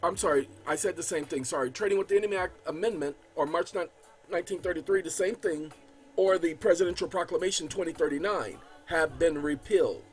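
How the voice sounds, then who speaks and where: A man with a high voice lectures his viewers in a casual, emphatic way, repeating himself and stumbling over words. He reads legal text aloud with heavy stress, and soft music plays faintly underneath. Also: brisk. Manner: emphatic, repetitive, stammers and restarts; addresses viewers as y'all. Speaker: channel host. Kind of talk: casual explainer while editing a document.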